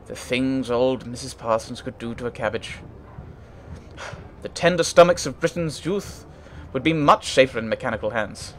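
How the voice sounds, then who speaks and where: A man voicing a cheerful, blustering upper-class English gentleman inventor with a plummy accent. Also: fairly high pitch, lively intonation, a little fast, few pauses, a little hiss or hum, voice pushed up. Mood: horrified. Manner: jolly, blustering, old-chap bluster.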